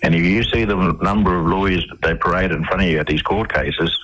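A man's voice: deep voice, fast, fairly bright tone, slight background noise, low-quality recording. An Australian man talking as a radio interview guest, telling his stories in a rambling way with many fillers and restarts. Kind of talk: conversational storytelling.

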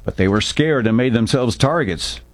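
A man reading the lines of a brash, excitable young army private in a story. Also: medium pitch, moderate pace, lightly acted. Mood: earnest. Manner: eager, blurting.

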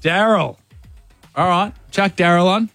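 A man's voice: sits high, a little slow, fairly bright tone, soft background music. A man hosting a radio show, joking with callers and laughing often. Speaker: radio host. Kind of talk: casual radio banter.

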